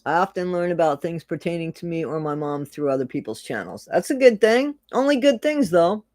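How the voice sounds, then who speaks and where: Brief: livestream host, casual and chatty, mid pitch, dry close sound, reads comments aloud. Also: lively intonation, fairly quick, a little mellow, no room sound. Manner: chatty, rambling, laughs often, repeats phrases. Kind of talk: casual livestream chat reading viewer comments.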